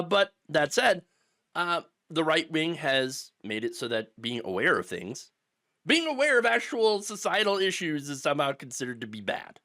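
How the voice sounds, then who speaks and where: A sarcastic middle-aged man hosts a political commentary rant. His slightly high voice swings widely in pitch as he scoffs at his targets. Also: bright, forceful tone. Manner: sarcastic, mocking voices of opponents.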